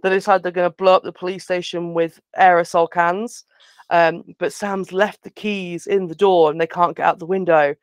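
A woman's voice: lowish voice, little pitch movement, moderate pace, clean tone, no room sound. A woman co-hosting a podcast, chatting casually and frankly as she recaps a film with sarcastic asides. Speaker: podcast co-host.

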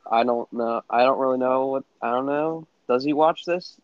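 A man's voice: medium pitch, normal speed, smooth, dry recording. A young man co-hosting a podcast, mumbling and unsure, trailing off in casual banter. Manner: mumbling, unsure, fillers and restarts. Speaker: podcast co-host. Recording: dull lo-fi sound.

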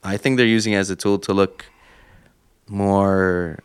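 A man with a fairly low voice talks through his ideas on a podcast. He builds his points slowly with long examples, in a relaxed, conversational way. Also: smooth. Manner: thoughtful, explains at length with examples. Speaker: podcast co-host. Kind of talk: casual chat.

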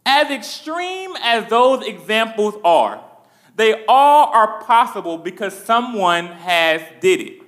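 Young male preacher, earnest and direct, high, bright voice. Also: big pitch swings, slow pace. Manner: earnest, repetitive, with restarts and direct address. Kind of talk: sermon.

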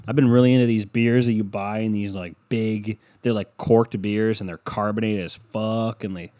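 A man's voice: fairly low pitch, fairly even intonation, normal speed, mellow. A man hosting a casual solo podcast, rambling and swearing sarcastically while browsing online maps at his desk. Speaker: podcast host. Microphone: computer mic at desk, browsing online maps.

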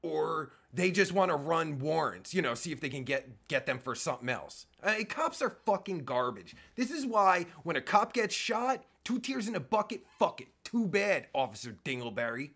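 A heated host ranting over a clip, swearing at every turn. The voice swings widely up and down in pitch and has a husky, slightly breathy edge. The delivery is fierce, scornful and unfiltered. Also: sing-song, normal speed, few pauses, fairly bright tone. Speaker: reaction video host. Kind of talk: angry profane commentary.

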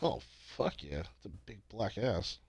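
A man's voice: fairly low pitch, very animated, a little slow, a little mellow, husky, no echo. A man co-hosting a podcast, joking loosely and swearing a lot in casual banter. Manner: loose, swearing, jokey, rambling. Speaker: podcast co-host.

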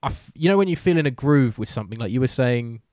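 A man's voice: mid-range voice, animated, fast talker, a little mellow, no room sound, clean studio sound. A British man hosting a casual chat, a sports commentator who talks in a loose, self-deprecating way with many restarts.

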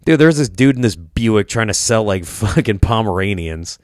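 A young man from Iowa hosts a podcast and tells a wild story full of swearing. His voice sits on the low side and he keeps it lively, jumping into the voices of the people he quotes. The sound is close and dry, with no room echo. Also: normal speed. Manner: profane, animated, acts out quoted voices. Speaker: podcast host telling a story. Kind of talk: casual storytelling.

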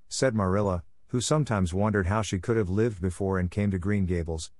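A man narrating an audiobook in a measured, plain way. His voice sits low and the recording is dry and close, with no room sound. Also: animated, a little mellow, dry recording. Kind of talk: scripted narration.

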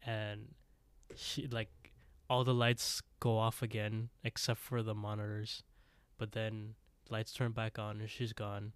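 A man's voice: lowish voice, little pitch movement, slow, smooth, dry recording. A man casually recapping a drama episode on a podcast, rambling and leaning on "like" as he retells the scenes. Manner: rambling, full of "like" fillers and retold dialogue. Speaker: podcast co-host.

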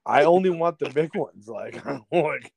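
A man telling a story in a casual chat as a podcast guest, lively, acting out other people's lines and laughing often. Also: on the high side, moderate pace, creaky, husky, no echo. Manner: animated storyteller, acts out voices, laughs often, swears.

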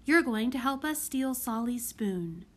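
A woman voicing a bossy, clever young orphan girl who gives firm orders in a lively, high voice. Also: a little slow.

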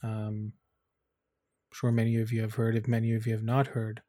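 A man's voice: fairly low pitch, completely flat delivery, moderate pace, mellow, no room sound, clean studio sound. A young man giving blunt, angry commentary to camera, swearing often. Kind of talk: casual vlog commentary.

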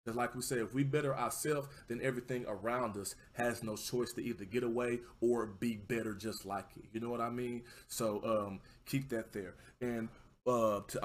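Male stream host, mid pitch, easygoing motivational chat, warm shout-outs to viewers. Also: a little hiss or hum. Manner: encouraging, keeps asking "you know what I mean"; warmly shouts out viewers by name. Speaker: livestream talk show host.

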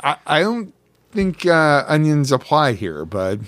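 Slow, teasing man on a podcast. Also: a little high, sing-song, a bit bright, no echo. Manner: teasing, halting with many fillers. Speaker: podcast co-host. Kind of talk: casual podcast chat.

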